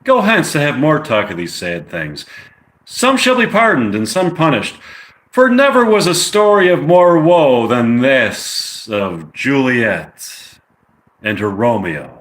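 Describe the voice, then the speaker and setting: A man voicing a solemn prince who closes a tragic tale, reciting slow, grave Shakespearean verse. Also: medium pitch, big pitch swings, a bit bright, voice pushed up.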